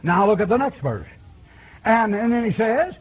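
A man delivers a folksy sermon, repeating himself and calling out to the congregation. His voice sits high and husky, rising and falling widely. The recording is dull and lo-fi, like an old church tape. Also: very animated, normal speed. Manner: folksy, repetitive call-and-response preaching. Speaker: preacher.

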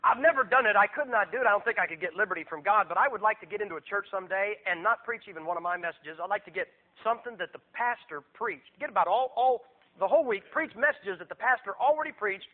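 A man preaching a revival sermon as a visiting evangelist, emphatic and swinging between loud and hushed. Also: high-pitched, animated, fast. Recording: tinny phone-like recording.

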